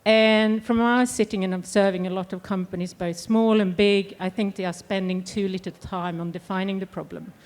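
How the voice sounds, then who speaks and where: A woman's voice: medium pitch, fairly even intonation, moderate pace, hardly any pauses, darkish tone. Upbeat woman moderating a panel. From Sweden. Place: conference stage with audience.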